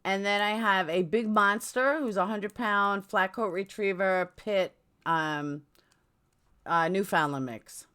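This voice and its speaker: Slow-paced and smooth, a middle-aged woman with a New York accent chats on a livestream from inside her home. Her mid-range voice is a bit bright, and she's blunt and talkative, moving freely between subjects.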